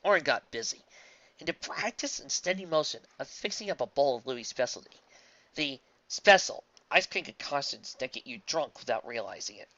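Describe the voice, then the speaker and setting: A man reading fan fiction aloud in a plain, even way, on a dull lo-fi recording. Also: medium pitch, moderate pace, dry recording. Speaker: reader.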